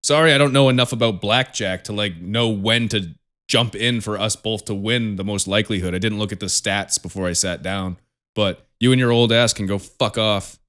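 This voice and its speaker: In a lowish, fairly bright voice at a moderate pace, a young man co-hosts a podcast. His casual talk is profane and ranty, punctuated by frequent laughs.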